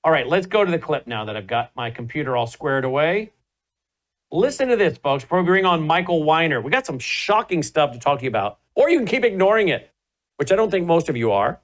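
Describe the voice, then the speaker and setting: A man's voice: a little high, very animated, a little fast, low-quality recording. A man in his fifties hosting a talk show, speaking emphatically and addressing viewers directly as folks. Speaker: host.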